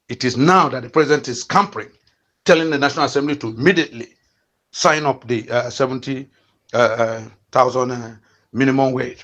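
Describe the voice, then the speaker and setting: A man's voice: medium pitch, a bit bright. Fiery Nigerian man in his fifties. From eastern Nigeria. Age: 50s. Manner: fiery, repetitive rallying calls with frequent fillers. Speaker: channel host. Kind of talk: impassioned political commentary.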